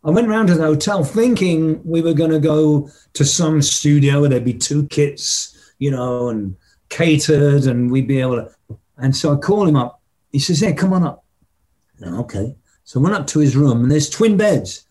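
Older man reminiscing, voice a touch high. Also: moderate pace, dark tone. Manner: reminiscing, emotional, hums rhythms. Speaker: rock drummer guest. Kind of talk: storytelling in conversation.

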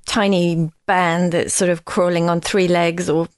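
A woman, a musician guest in a casual interview, telling her story in a rambling, halting way with many restarts. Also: lowish voice, flat delivery, smooth, dry recording.

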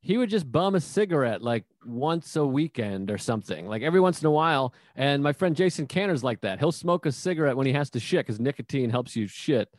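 A man's voice: mid-range voice, animated, fairly quick, few pauses, no room sound, clean studio sound. A man hosting a podcast, swearing freely and acting out quotes as he tells rambling stories in casual chat. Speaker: podcast host.

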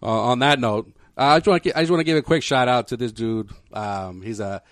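Man, podcast co-host, quick rambling storyteller, repeats words, dry close studio sound. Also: medium pitch, dry recording. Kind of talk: casual storytelling chat.

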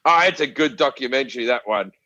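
A man's voice: mid-range voice, lively intonation, fast talker, sharp tone, no echo, lo-fi sound. A middle-aged Australian man on a podcast, ranting and swearing with lots of stammered restarts. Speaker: guest comedian. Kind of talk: casual podcast chat.

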